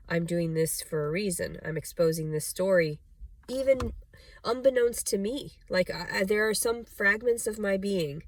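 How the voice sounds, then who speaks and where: A young adult woman speaks in a low register, rambling through a personal monologue with constant fillers and blunt swearing. The recording is dry and close, with almost no room sound. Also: no echo. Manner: rambling, frequent "like" and "you know", blunt and profane. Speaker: vlogger.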